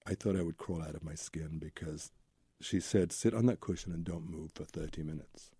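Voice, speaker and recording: Deep dark husky male storyteller. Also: normal speed, dry recording, clean studio sound. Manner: candid, rambling, tumbling lists of memories. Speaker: guest, Zen Buddhist teacher. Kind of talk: personal storytelling in an interview.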